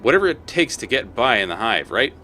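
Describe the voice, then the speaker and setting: A man's voice: mid-range voice, very animated, brisk, sharp tone, slight background noise, voice pushed up. A man voicing an upbeat, ragged corpse collector in a game, breezy and slangy in a raised voice.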